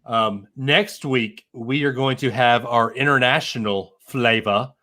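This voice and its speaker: Bright-voiced joking podcast co-host man. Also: medium pitch, a little slow. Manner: jokey, stammering restarts, sings silly bits. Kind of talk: casual chat.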